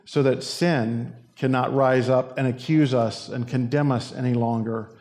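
A man preaching in a relaxed, conversational tone, at a mid pitch. He explains things plainly, sometimes restarting his sentences and dropping in fillers. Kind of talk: sermon.

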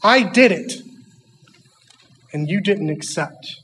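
A man voicing an angry, resentful grown man who rants loudly to justify himself. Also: a little high, a little slow, in a large hall, a little hiss or hum, lightly acted. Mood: furious. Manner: loud, ranting, self-justifying.

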